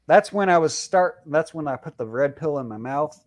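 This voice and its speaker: A man's voice: on the high side, fast, hardly any pauses. Profane man venting on a call-in. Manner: profane, heated storytelling. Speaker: caller. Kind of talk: casual call-in storytelling.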